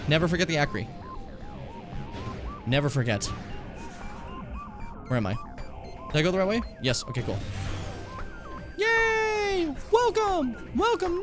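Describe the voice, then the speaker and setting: Excitable man doing casual game commentary, very animated delivery, cursing freely, soft music underneath. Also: medium pitch. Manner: excitable, swears, bursts into mock rage. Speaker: streamer.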